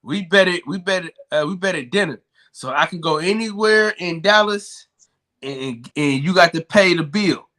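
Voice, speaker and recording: Male co-host, slightly high, bright voice, loose joking delivery on a live stream. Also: normal speed. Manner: loose, joking banter, repeats himself. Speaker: podcast co-host. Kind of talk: casual live-stream chat.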